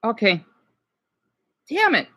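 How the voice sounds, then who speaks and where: Woman vlogger, high lively voice, restless swearing rant. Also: takes it slowly. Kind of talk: ranting casual vlog.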